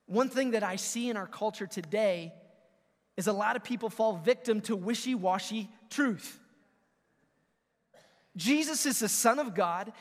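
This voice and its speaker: Pastor delivering a sermon, man with a high voice, booming then hushed, heard in a reverberant sanctuary. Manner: preaching with big swings from booming to hushed; talks directly to the congregation.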